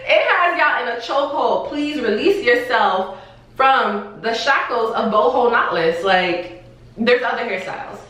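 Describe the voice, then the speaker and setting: A young woman telling a story in a casual vlog, in an animated, exasperated way, with slang and swearing. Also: a little high, a little slow. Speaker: vlogger. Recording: echoey room, far from the mic.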